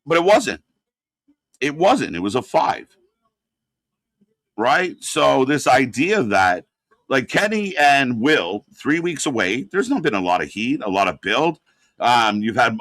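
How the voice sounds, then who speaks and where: A man's voice: medium pitch, sing-song, slow, a bit bright, dry recording. A man hosting a live watch-along, reacting and critiquing in a rambling, exasperated way with lots of fillers. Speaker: host.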